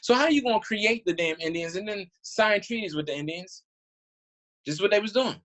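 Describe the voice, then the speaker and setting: A man's voice: high voice, expressive, brisk, a bit bright, poor audio. A man doing casual, indignant commentary as he reads old documents aloud, rambling and restarting, with informal speech full of "y'all". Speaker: online commentator.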